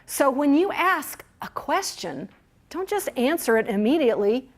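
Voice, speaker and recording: A woman leading a training workshop for museum guides, lively and encouraging, who laughs often as she teaches. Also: high-pitched, moderate pace.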